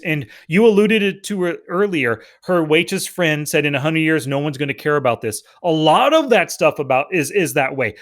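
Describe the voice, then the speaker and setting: A middle-aged man in casual podcast talk, with a voice a little higher than most men's. He speaks earnestly, working through practical life lessons. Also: a bit bright. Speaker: podcast co-host.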